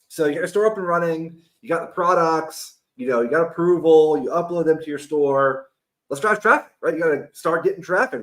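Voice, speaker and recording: Hyped man pitching a course. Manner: hyped, loose, repeats "right?" and restarts. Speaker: webinar host pitching a course. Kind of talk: sales pitch.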